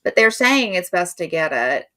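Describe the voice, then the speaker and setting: A woman's voice: fairly low pitch, sing-song, normal speed, pushed and bright. A middle-aged woman hosting a live stream, chatting casually and rambling in a friendly way.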